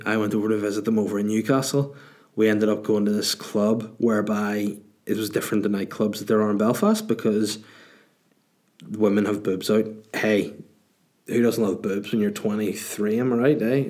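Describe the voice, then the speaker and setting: A Northern Irish man in his thirties hosts a podcast in a relaxed, chatty way. His voice sits on the low side, and he jokes his way through rambling stories and listener questions. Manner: chatty, joking, rambling anecdotes. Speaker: podcast host. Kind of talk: casual chat answering listener questions.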